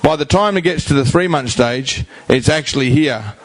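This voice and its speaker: At a community forum, a middle-aged Australian rehab house founder speaks plainly and emphatically, full of colloquial slang and repeating himself to drive points home. His medium-pitched voice moves at a moderate pace, with no room sound.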